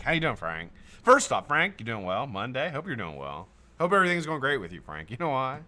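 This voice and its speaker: Animated, bright-voiced American man host. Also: mid-range voice, fairly quick, a little hiss or hum. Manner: animated, greets viewers by name, swears and laughs often. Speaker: live-stream host. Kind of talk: casual live-stream chat.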